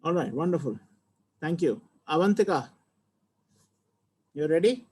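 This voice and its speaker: An acting teacher leads a discussion with his students. He is encouraging and keeps affirming their answers. His voice sits a little high for a man. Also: very animated, measured pace, a little mellow, breathy edge. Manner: encouraging, repeats okay and wonderful. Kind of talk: leading a class discussion.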